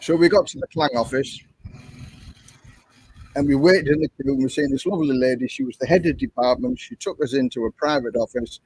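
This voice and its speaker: A man's voice: mid-range voice, brisk, a little mellow, slightly rough, no room sound, low-quality recording. An older man with an English accent, telling a long story in a chatty, repetitive way while hosting a livestream. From England. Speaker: livestream host.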